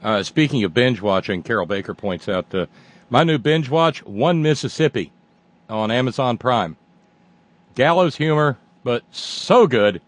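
A man's voice: mid-range voice, animated, a little slow, no room sound. A man hosting a radio talk show, chatting casually and reading listener emails in a wry, rambling way.

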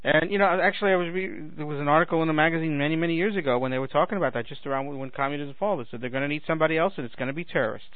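A man's voice: on the high side, very fast, hardly any pauses, dry recording. A man in his forties hosting a talk radio show, ranting sarcastically at listeners while fighting a failing voice. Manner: ranting, sarcastic, addresses listeners as ladies and gentlemen. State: losing his voice, clearing his throat. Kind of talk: political talk radio monologue. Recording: dry phone-like radio sound.

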